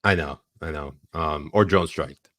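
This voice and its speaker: A man's voice: very deep voice, unhurried, fairly bright tone, no echo, clean studio sound. A man co-hosting a casual podcast, joking and laughing as he reads items aloud. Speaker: podcast co-host. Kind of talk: casual chat.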